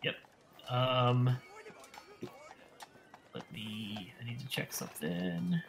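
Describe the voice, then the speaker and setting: A man's voice: mid-range voice, lively intonation, slow pace, noisy background. A man narrating a tabletop game as game master, rambling and correcting himself with lots of fillers.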